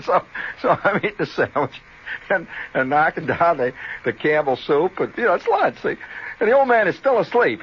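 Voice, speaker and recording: A man's voice: medium pitch, slight background noise. A man hosting a radio show, telling a long rambling story with chuckles and asides like "see?" and "you know". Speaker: radio host. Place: radio studio. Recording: dull lo-fi 1970 radio broadcast.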